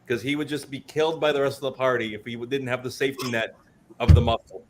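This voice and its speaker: Con panel dude explaining his rpg, mid pitch, keeps coughing, lots of restarts. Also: fairly even intonation, fast talker, a little hiss or hum. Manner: talkative, explaining, frequent restarts. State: coughing, slightly choked up. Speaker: tabletop game creator and comic author. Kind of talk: casual convention panel chat.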